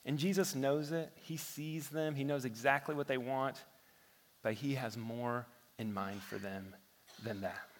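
A man's voice: mid-range voice, fairly even intonation, unhurried. Man preaching in a reverberant hall. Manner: storytelling preacher who drops to a hush for effect. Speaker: pastor. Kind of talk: sermon.

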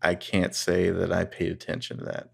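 A man's voice: low voice, monotone, moderate pace, creaky, slightly rough. A man co-hosting a casual podcast, recapping a TV episode and swearing freely. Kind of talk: casual chat.

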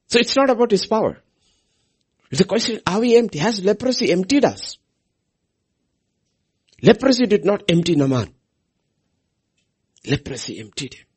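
A man preaching a sermon, repeating key phrases and swinging his voice from soft lows to loud highs for emphasis. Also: animated, normal speed, pauses often, husky.

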